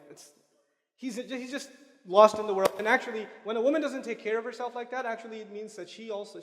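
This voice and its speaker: A man giving a religious lecture in a relaxed, conversational way, dropping in casual asides and Arabic terms. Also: sits high, a little fast. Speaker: Islamic lecturer. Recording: long hall reverb.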